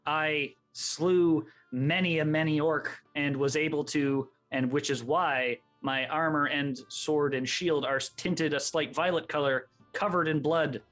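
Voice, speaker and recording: A man's voice: fairly high pitch, steady tone, a little slow, hardly any pauses, a bit bright, soft background music. A man playing a tabletop game, joking at his own expense in casual banter. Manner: laughing, self-mocking banter. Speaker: player.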